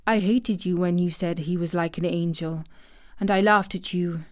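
A woman voicing a weak, excitable young boy in a storybook reading, eager and breathless. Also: lowish voice, normal speed, no echo, clean studio sound, lightly acted. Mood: wistful. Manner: eager and breathless, half sobbing. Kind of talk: audiobook character voice.

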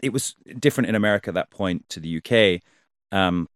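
A man being interviewed about his acting work, talking in halting bursts with many restarts and frequent laughs. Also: sits low, clean tone, no room sound, studio quality. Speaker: actor guest. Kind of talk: casual interview chat.

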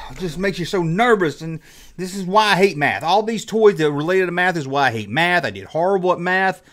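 A middle-aged man hosting a casual nostalgic vlog, jokey and animated, often acting out his own childhood reactions. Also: high voice, fairly quick. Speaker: host.

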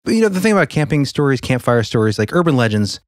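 A man's voice: mid-range voice, big pitch swings, fast, dry recording, studio quality. A man co-hosting a podcast in casual chat, joking and laughing easily. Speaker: podcast co-host.

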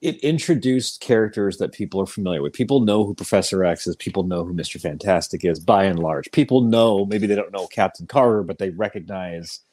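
Low-voiced man ranting casually. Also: a little fast, few pauses, a little mellow, no echo. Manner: profane, emphatic, acts out quoted lines. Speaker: podcast co-host. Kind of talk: casual chat.

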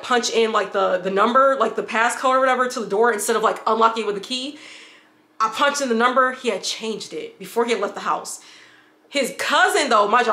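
A woman's voice: fairly high pitch, sharp tone, echoey room. A woman from upstate New York telling a personal story in a casual, candid vlog, rambling and swearing freely. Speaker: vlogger.

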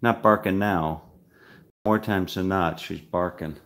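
A man casually vlogging as he walks through a house, rambling with frequent halting pauses. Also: low-pitched, fairly even intonation, fairly bright tone. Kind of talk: casual walk-through vlog. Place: indoors in a house.

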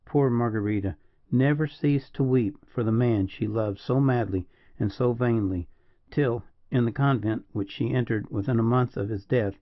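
A man reading a classic novel aloud as an audiobook narrator, in a measured, dramatic way. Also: mid-range voice, no echo. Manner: measured, dramatic reading that voices each speaker. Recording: dull lo-fi dry recording.

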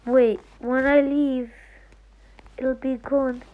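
A woman's voice: high-pitched, little pitch movement, slow pace, narrow, tinny audio. A woman giving casual, giggly gameplay commentary, muttering half to herself as she scrolls through a game. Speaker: gaming streamer.

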